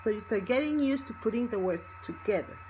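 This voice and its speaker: A woman teaching a Spanish lesson, counting numbers slowly and then fast, often checking with "okay?". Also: a little high, animated, a little mellow, a little hiss or hum, rough recording. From Mexico. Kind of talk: language lesson.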